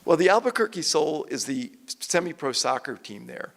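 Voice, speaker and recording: This is an older man speaking at an evening event, his voice slightly high with a gravelly edge. He tells stories animatedly, slipping into quoted voices, and the sound carries a long hall reverb. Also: normal speed. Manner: animated storyteller, quotes people in lively voices. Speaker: author and guest speaker. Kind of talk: conversational stage talk.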